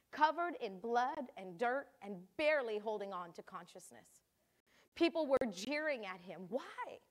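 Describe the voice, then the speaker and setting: A woman's voice: high-pitched, fairly bright tone, pitched above the performer's own voice. An older woman reading as a grieving, devoted mother. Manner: emotional, earnest diary reading. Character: grieving then joyful mother of a holy son.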